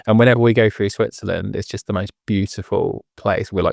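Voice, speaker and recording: A man's voice: fairly low pitch, steady tone, a little fast, creaky, darkish tone, dry recording, studio quality. An English man hosting an interview podcast over a video call, upbeat and friendly. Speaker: podcast host.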